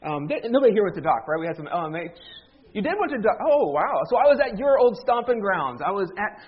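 A man's voice: sits high, big pitch swings, fast, breathy edge, muffled recording. A middle-aged man preaching a humorous sermon in a church, telling stories with a joking, self-deprecating manner. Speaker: pastor. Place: church sanctuary.

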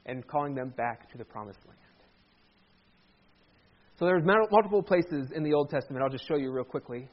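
A man with a high voice preaches to his congregation in a relaxed, conversational way, slipping in jokes along the way. The sound is dull and lo-fi, like a church sermon recording. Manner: conversational, joking asides. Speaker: pastor.

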